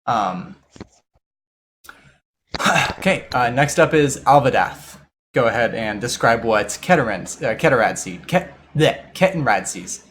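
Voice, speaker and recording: A man's voice: mid-range voice, animated, unhurried, pauses often, background noise. A man running a tabletop game over a voice call, talking casually with many fillers and restarts. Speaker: game master. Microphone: computer mic on a voice call.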